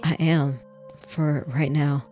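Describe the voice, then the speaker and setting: Breathless young woman in danger, played by a woman, pleading urgently; low, pushed voice. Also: fairly even intonation, takes it slowly, mellow, soft background music.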